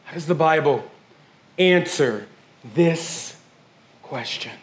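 A man preaching as pastor, emotional, calling his congregation family and swinging from hushed grief to shouted praise. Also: fairly high pitch, expressive, takes it slowly, echoey room. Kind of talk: sermon. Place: church sanctuary.

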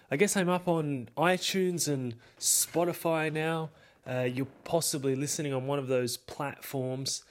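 A young man hosting a podcast in casual chat, laid-back and self-deprecating, often trailing off and restarting. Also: mid-range voice. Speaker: podcast host.

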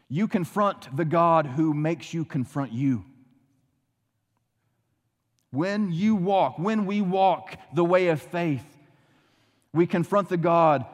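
A man preaching a sermon, dramatic, often dropping to a hushed low voice for emphasis. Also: in a large hall. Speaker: pastor.

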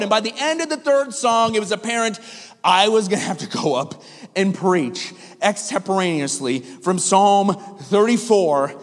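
A male pastor tells a story from the pulpit in a lively, conversational manner and keeps checking in with the congregation. His voice sits high, and it rings out with the long reverb of a large hall. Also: normal speed. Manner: animated, conversational, asks the congregation questions. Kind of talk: sermon with storytelling.

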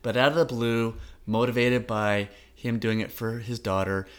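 A man's voice: medium pitch, fairly even intonation, normal speed. A middle-aged man co-hosting a podcast, talking in an earnest, encouraging way. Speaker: podcast co-host. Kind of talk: casual chat.

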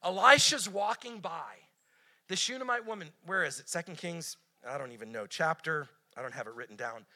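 Guy preaching a sermon, high and bright, super animated, does little voices for the quotes. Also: moderate pace. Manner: energetic, animated, acts out quotes with sudden pitch jumps. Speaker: guest preacher.

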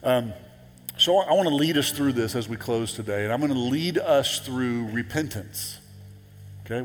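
A pastor with a mid-range voice preaches a sermon in a church sanctuary, the sound big and roomy. His delivery is conversational, full of repeated words and restarts, and now and then climbs to emphatic peaks.

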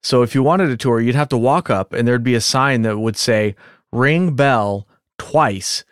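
A man's voice: mid-range voice, fairly quick, clean tone, no echo, studio quality. Wry man adding details in casual chat. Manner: wry, playful storytelling. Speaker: podcast co-host.

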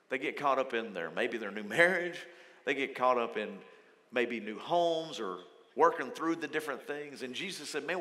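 Animated high-voiced preacher in a big hall. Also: male voice. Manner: lively, conversational preaching with frequent acted quotes. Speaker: pastor. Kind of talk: sermon. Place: church auditorium. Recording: long hall reverb.

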